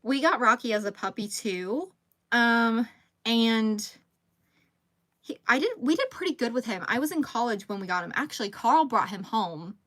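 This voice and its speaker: A young woman chats away on her crafting livestream, and her voice sits a little on the high side. She rambles easily from one story to the next, answers viewers by name and coaxes her dog along between stories. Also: expressive, moderate pace, fairly bright tone. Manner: chatty and rambling, reads out viewer comments, talks to her dog in a high coaxing voice. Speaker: livestream host. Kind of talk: casual chat while crocheting.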